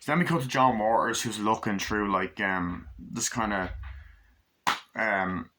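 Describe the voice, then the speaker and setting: A man's voice: on the low side, measured pace, pushed and bright, a little hiss or hum. A man recapping a movie in a casual, rambling way, swearing often and acting out scenes with sound effects. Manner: rambling, profane, full of sound effects and impressions. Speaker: movie reviewer.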